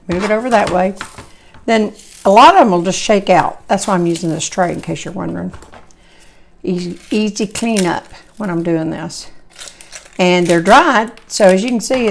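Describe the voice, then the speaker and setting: A woman hosts a home cooking video, chatting along in a folksy, rambling way. Her voice is hoarse and gravelly, cracking in and out as she talks, at an ordinary middle pitch. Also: a little hiss or hum. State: hoarse, voice coming and going. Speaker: cooking channel host. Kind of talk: casual cooking demonstration.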